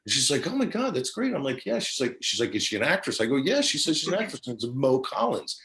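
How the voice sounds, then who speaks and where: A man's voice: mid-range voice, big pitch swings, fast talker, a bit bright. A middle-aged man from New Jersey, a guest on an interview show, telling a long rambling story and acting out the quoted lines.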